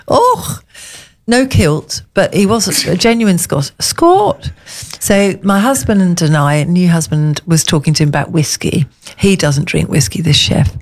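A middle-aged woman from England spins a gushing, chatty story in easy conversation. Her voice sits fairly low for a woman. She talks like a radio co-host chatting with a friend on air. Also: expressive, measured pace. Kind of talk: casual chat.

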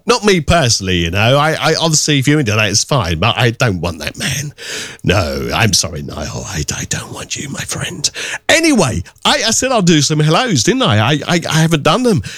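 A man presenting a radio show, chatting casually and sending shout-outs with a cheeky, teasing, self-mocking manner. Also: mid-range voice, wildly swooping pitch, brisk, no echo, studio quality.

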